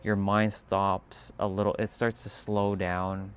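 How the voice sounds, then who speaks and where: A man with a lowish voice talks calmly and without hurry on a spiritual livestream, now and then loose and blunt with swearing. Faint background ambience hums behind him, with the odd vehicle passing. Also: a little hiss or hum. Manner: calm, unhurried, loose and profane at times. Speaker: livestream host. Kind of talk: casual spiritual livestream talk.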